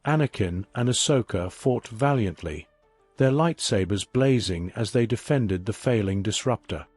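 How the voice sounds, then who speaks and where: A man giving a scripted story narration in a measured, even reading. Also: on the low side, husky, no echo, soft background music.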